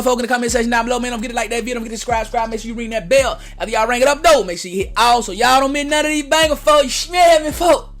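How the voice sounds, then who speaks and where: A man hosting a reaction vlog, talking in animated, slang-heavy casual commentary straight to his viewers. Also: very high-pitched. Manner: animated, repetitive, addresses viewers directly. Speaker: reaction channel host.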